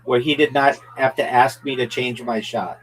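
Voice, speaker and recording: A man's voice: medium pitch, fairly even intonation, normal speed, low-quality recording. A man hosting a casual game stream with friends, brash and profane, boasting to viewers like a mock announcer. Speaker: host. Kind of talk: casual chat while playing a game with friends.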